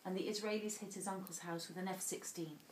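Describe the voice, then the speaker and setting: Her voice on the low side and her intonation fairly even, a woman talks fast as she gives an earnest, emotional personal speech as an invited dinner guest. The recording from the indoor dinner hall is roomy and distant-miked, with faint ambience and slight background noise.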